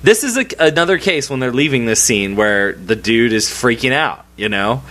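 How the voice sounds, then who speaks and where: A man's voice: medium pitch, lively intonation, normal speed, sharp tone. A man co-hosting a casual movie podcast, enthusiastic and laughing often. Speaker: podcast co-host.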